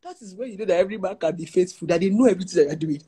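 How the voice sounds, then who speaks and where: A woman's voice: fairly low pitch, racing, hardly any pauses, dark tone, husky. A young Nigerian woman, a relationship therapist, telling stories in casual talk, laughing often and slipping into pidgin.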